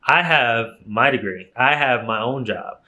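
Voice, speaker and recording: A man's voice: mid-range voice, measured pace, sharp tone. A young man telling a personal story straight to camera in a casual vlog, candid and emphatic, swearing freely. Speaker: YouTuber.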